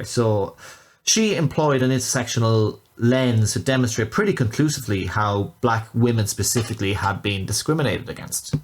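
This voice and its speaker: Hesitant, low-voiced man critiquing. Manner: hesitant, many restarts and "like" fillers. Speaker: video essay host. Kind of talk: spoken video essay critique.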